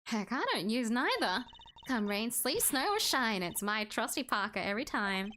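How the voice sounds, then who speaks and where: A woman's voice: on the high side, very animated, moderate pace, bright, forceful tone, a little hiss or hum. Woman doing a folksy, casual male detective.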